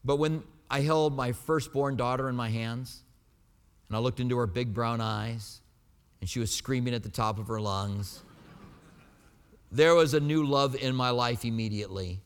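A man's voice: mid-range voice, moderate pace, clear, resonant tone, in a large hall. A man preaching a sermon as a pastor. He teaches from the Bible in an emphatic, conversational way.

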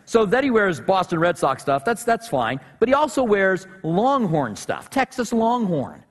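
Male pastor, high voice, animated storytelling sermon, long hall reverb. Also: a little slow. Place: church sanctuary.

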